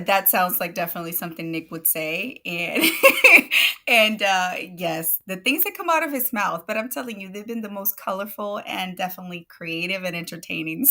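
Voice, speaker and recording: Gushing, bright-voiced woman guest. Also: medium pitch, normal speed. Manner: effusive, gushing, laughs often. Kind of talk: casual chat.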